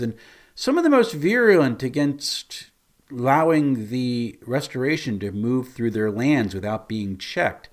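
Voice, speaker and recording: A man recounting his tabletop campaign as the game master. His pitch moves a lot as he tells the story, and his voice sits in a middle register. He narrates in a lively, storytelling way. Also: gravelly.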